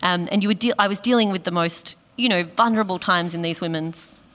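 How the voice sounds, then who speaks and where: A woman's voice: on the low side, a little fast, fairly bright tone, big-room sound. An Australian woman speaking as a guest author in an interview, thoughtful and self-deprecating. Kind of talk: reflective conversational interview.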